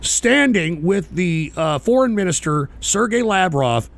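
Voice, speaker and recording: A man's voice: high-pitched, expressive, a little slow, vocal fry. A male political talk-show host ranting profanely and combatively during a live stream, snapping at trolls.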